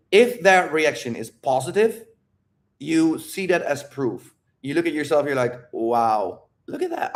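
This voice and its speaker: A man who is not a native English speaker, hosting a live Q&A stream and talking energetically with plenty of swearing. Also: mid-range voice. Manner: energetic, profane, rambling. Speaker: livestream Q&A host. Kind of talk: live unscripted monologue to chat.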